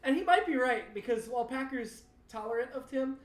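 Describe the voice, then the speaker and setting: A man's voice: very high-pitched, expressive, brisk. A man hosting a casual podcast roundtable, steering the talk and laughing often. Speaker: podcast host and show creator. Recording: roomy, distant mic.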